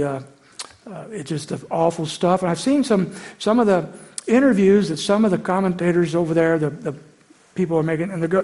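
Middle-aged man, pastor mid-sermon; gravelly tone, earnest with emphatic climbs. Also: high-pitched, darkish tone. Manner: earnest, rises to emphatic peaks.

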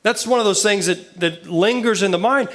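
A man's voice: sits high, normal speed, a bit bright. A man preaching a conversational sermon, reading Bible verses aloud with casual asides and questions to his listeners. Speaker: pastor.

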